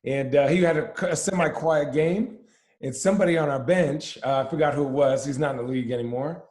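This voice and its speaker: A former pro basketball player telling a lively story of bench banter on a sports podcast. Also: male voice, high voice, moderate pace, echoey room.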